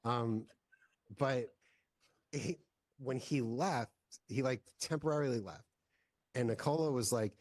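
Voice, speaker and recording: A filmmaker guest in a casual interview, telling long stories with lots of "like" fillers. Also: male voice, mid-range voice, fairly even intonation, normal speed, darkish tone, dry recording, clean studio sound. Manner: rambling, heavy use of "like" fillers.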